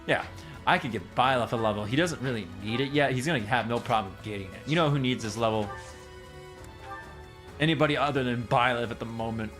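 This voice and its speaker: Hyped guy streaming a game, bright punchy voice, rambles n repeats himself, faint music behind. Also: mid-range voice, fairly quick. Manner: excitable and rambling, repeats himself, laughs often. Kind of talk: casual gameplay commentary.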